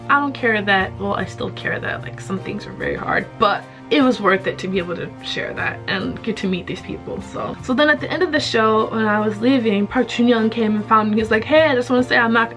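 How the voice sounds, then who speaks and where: A woman vlogger casually telling a story to the camera, chatty and animated, laughing often. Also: mid-range voice. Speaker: YouTuber vlogger.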